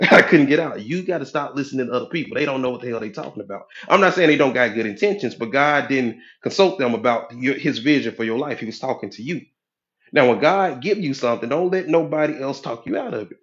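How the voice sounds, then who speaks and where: Animated man coaching motivationally. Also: mid-range voice, lo-fi sound. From United States. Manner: preachy, animated, acts out quoted voices. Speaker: hypnotherapist and life coach. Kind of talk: motivational talk.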